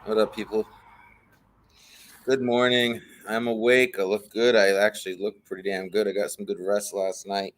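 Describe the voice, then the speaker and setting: A man's voice: on the low side, level tone, normal speed. A man hosting a casual morning stream chat, laid-back and joking.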